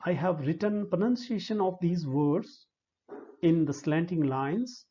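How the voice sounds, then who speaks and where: Indian english guy teaching slowly, soft dark tone, kinda husky, muffled recording. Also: on the high side. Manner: slow and deliberate, spells out syllables one by one. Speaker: English literature lecturer. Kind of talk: slow explanatory lecture. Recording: dull lo-fi recording.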